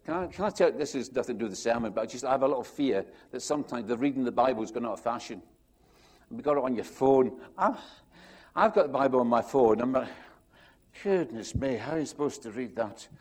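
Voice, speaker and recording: Speaking at a quick pace, a male pastor delivers his sermon with animated rambling, restarting sentences and performing quotes as he goes. He has a slightly rough, medium-pitched voice.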